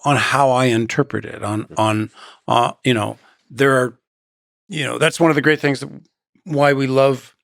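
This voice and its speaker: A man in his sixties, a guest on a podcast, talking in a measured, halting way with quoted asides and dramatic pauses. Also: medium pitch, creaky, dry recording, studio quality. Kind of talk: reflective interview storytelling.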